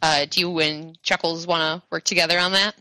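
Bright, halting woman game master. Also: on the low side, steady tone, no room sound, rough recording. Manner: halting, many filler pauses. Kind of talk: narrating a tabletop game.

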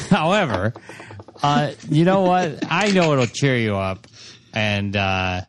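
A man's voice: medium pitch, expressive, takes it slowly, background noise. A man playing his character in a tabletop game, bumbling and hesitant. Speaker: player.

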